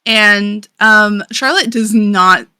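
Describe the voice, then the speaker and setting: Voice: mid-range voice, takes it slowly, pushed and bright, clear, resonant tone, dry recording, poor audio. A podcast co-host casually recapping a comic story, rambling with lots of fillers, frequent swearing and laughter.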